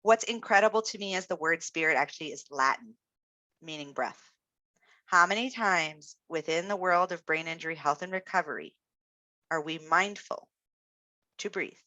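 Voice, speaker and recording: A woman's voice: sits low, moderate pace, sharp tone, no echo. A woman speech-language pathologist giving an encouraging, reflective webinar talk, with frequent fillers. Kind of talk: webinar presentation.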